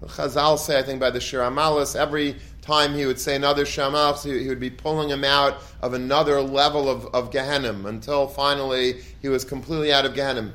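A man's voice: medium pitch, little pitch movement, quick pace, hardly any pauses, pushed and bright. A man giving an earnest, emotive Torah talk in a storytelling manner, often restarting phrases and using Hebrew and Yiddish terms. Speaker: Torah teacher.

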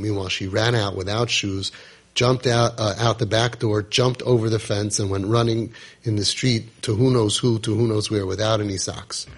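Husky emphatic man telling a story. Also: fairly low pitch. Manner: emphatic, repetitive, dramatic retelling. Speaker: parenting coach. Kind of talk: podcast storytelling talk.

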